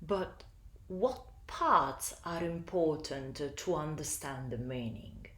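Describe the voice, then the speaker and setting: Woman, English teacher, slow deliberate delivery, low voice, echoey room. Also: fairly bright tone. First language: Italian. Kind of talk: recorded lesson narration.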